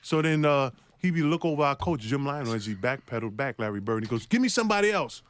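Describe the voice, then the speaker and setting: A middle-aged man, a former pro basketball player, telling an animated, self-mocking anecdote. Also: mid-range voice, quick pace, slight background noise. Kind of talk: anecdote storytelling.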